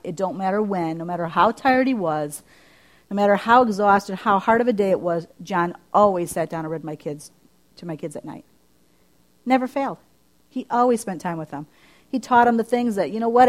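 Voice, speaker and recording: A middle-aged woman preaching a sermon in a conversational way, asking her listeners one question after another and jumping up in pitch as she acts out her own prayers. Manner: lively, climbing high when acting out her own prayers.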